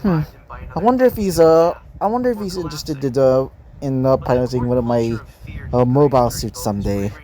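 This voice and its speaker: A man's voice: mid-range voice, a little fast, mellow, pitched below the performer's own voice, close to an everyday voice. A man voicing a confident young male engineer in a fan story reading, tripping over some words.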